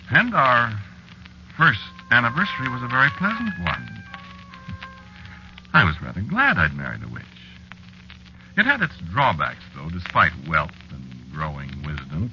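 A wistful, ageless husband. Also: male voice, low voice. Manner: wistful, musing, nervously evasive in dialogue. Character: ageless man wed to a witch, wistful. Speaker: narrator. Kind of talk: 1940s radio acting. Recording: dull lo-fi old radio recording with music.

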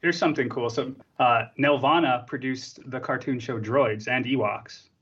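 A man's voice: medium pitch, moderate pace, fairly bright tone, husky. A man hosting a casual interview, sharing trivia with enthusiasm. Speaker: podcast host. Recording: dull, muffled audio.

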